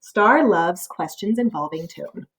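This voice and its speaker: A woman teacher reading a scripted lesson, explaining clearly and posing rhetorical questions. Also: lowish voice, lively intonation, a little slow, slight background noise. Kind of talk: scripted narration for a test-prep lesson.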